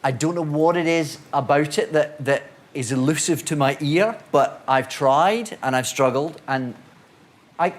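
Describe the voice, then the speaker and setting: A man's voice: on the high side, measured pace. A Scottish man, an actor on a TV panel show, telling a self-deprecating comic story and chuckling as he goes. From Scotland.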